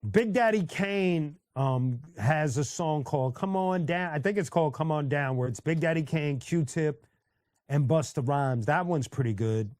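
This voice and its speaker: A man's voice: a little high, a little mellow, no echo, studio quality. Laid-back man hosting a music stream. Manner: laid-back, loose, full of fillers and restarts, greets chatters by name. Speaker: livestream host reading chat. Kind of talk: casual chat.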